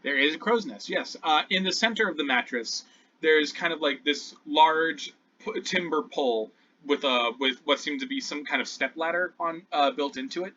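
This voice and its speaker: A man's voice: fairly high pitch, normal speed, sharp tone. A man narrating scenes as game master of an online tabletop game, describing things at length with fillers and restarts. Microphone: online voice call. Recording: distant, dull lo-fi call audio.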